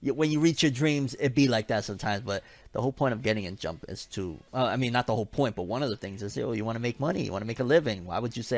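A young man hosting a casual anime and manga news vlog, animated and slangy with joking asides. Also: medium pitch, fast talker, few pauses, dry recording.

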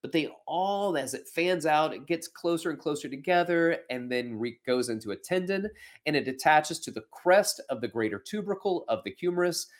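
A man's voice: fairly high pitch, animated, moderate pace. A man hosting a podcast and teaching anatomy in a folksy, chatty way. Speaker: podcast host and fitness instructor. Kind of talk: casual anatomy lesson.

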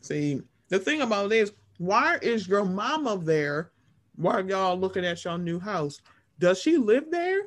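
A woman's voice: medium pitch, very animated, unhurried. Sassy, profane woman co-host. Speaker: podcast co-host. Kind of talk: casual reality TV recap.

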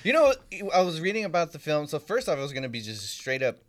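A man co-hosting a podcast in casual chat, animated, swearing freely and telling stories. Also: fairly high pitch, fast. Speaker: podcast co-host.

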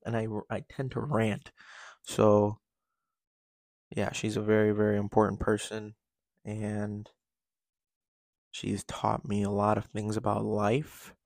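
A man's voice: on the low side, vocal fry, no room sound. A man hosting his own podcast, talking candidly in a rambling solo monologue full of fillers and restarts. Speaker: podcast host.

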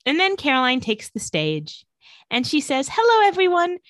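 A woman chats through a TV episode recap with a bright, forward tone. Her voice sits dry and close, with no room sound. She keeps slipping into quick acted-out quotes of the characters. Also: sits high, no room sound. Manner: animated retelling with acted-out quotes. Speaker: podcast co-host recapping a TV episode. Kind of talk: casual chat.

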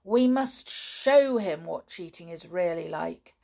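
A woman's voice: lowish voice, lively intonation, slow, vocal fry, mellow, exaggerated voice. A woman voicing a young boy laying out a plan to his friends in a bossy, plotting way. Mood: scheming.

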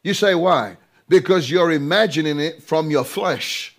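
A man's voice: fairly high pitch, unhurried. A man preaching a sermon, emphatic and drawn out, repeating phrases and throwing rhetorical questions to his listeners.

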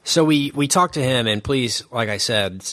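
A man's voice: medium pitch, animated, moderate pace, a bit bright, no echo, clean studio sound. A man co-hosting a podcast, telling a rambling anecdote in casual chat with lots of restarts. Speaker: podcast co-host.

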